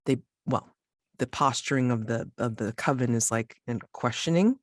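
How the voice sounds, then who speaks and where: A woman running a tabletop game as game master, narrating slowly and hesitantly, with many restarts. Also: a bass voice, dry recording, clean studio sound.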